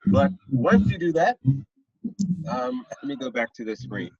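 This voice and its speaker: A man's voice: medium pitch, big pitch swings, a little slow, darkish tone, slightly rough, dry recording. A young man teaching a math lesson online, often checking that his students follow. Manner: patient, checks understanding often. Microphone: computer mic on a video call. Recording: dull, lo-fi video call audio.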